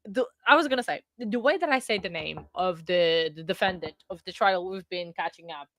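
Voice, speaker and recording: A woman's voice: on the low side, a little fast, fairly bright tone, dry recording. Bubbly woman with a Portuguese accent. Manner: chatty and bubbly, thanking chat often. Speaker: livestream host. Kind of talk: casual livestream chat with viewers.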